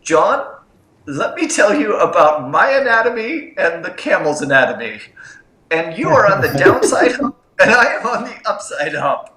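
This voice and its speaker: A man's voice: high-pitched, very animated, moderate pace, sharp tone, roomy sound, pitched above the performer's own voice, heavily acted, rough recording. A man acting out a pained, complaining friend who is stuck on the back hump of a camel. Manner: complaining, earnest and lecturing.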